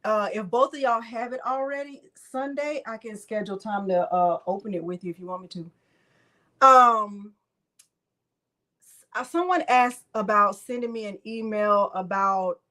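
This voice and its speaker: A woman's voice: mid-range voice, unhurried, pushed and bright. A middle-aged woman hosting a crafting livestream, gushing and exclaiming to viewers as she runs a prize drawing. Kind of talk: excited live stream chat. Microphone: desk microphone.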